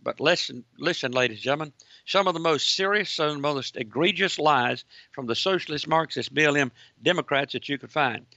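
Gravelly, bright-voiced preaching man. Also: on the high side, brisk, dry recording. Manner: emphatic, rhetorical lists. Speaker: host. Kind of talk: preaching political talk. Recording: dull lo-fi sound.

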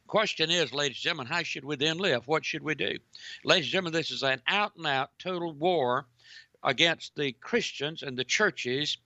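Preachy talk-radio guy, a bit high and gravelly, keeps saying ladies and gentlemen, dry lo-fi sound. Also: dry recording. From United States. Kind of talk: commentary reading news articles aloud.

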